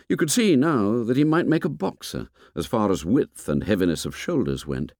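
A man reading a novel aloud as an audiobook narrator, in an expressive storytelling manner. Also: lowish voice, no room sound, clean studio sound. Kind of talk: scripted narration.

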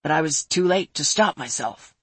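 A woman doing a calm, low-voiced sorceress. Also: husky, no room sound, full character voice. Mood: explaining. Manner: measured explaining.

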